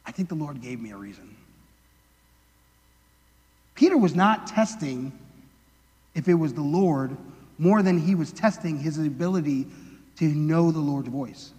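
A man's voice: fairly high pitch, expressive, a little slow, pauses often, a little mellow. A male preacher giving a casual sermon, chatty and full of "like" and jokey asides. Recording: long reverb of a large hall.

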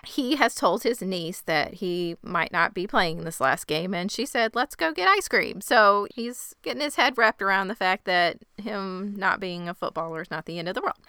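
Bright, crisp woman recapping a show. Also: mid-range voice, moderate pace, few pauses, no echo, studio quality. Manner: chatty, laughs along. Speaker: podcast co-host. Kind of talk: casual chat.

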